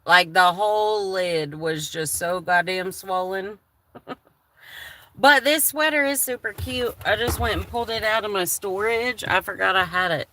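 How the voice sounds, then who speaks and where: A woman's voice: mid-range voice, a little slow, pushed and bright. A woman chatting candidly on a livestream, emotional and swearing freely. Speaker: live streamer. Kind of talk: casual livestream chat.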